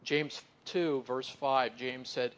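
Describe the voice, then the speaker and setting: A man preaching a conversational sermon, leaning on "you know" and stretching key words slowly before dropping to a soft, low close. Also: fairly even intonation. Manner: folksy, fills pauses with "you know". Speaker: pastor or Bible teacher.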